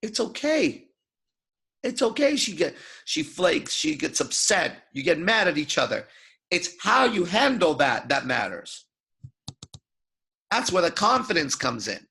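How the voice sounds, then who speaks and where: A man's voice: high voice, very animated, measured pace, creaky, sharp tone, husky. A man giving an unscripted lecture as a dating coach, talking in a swaggering, profane, emphatic way.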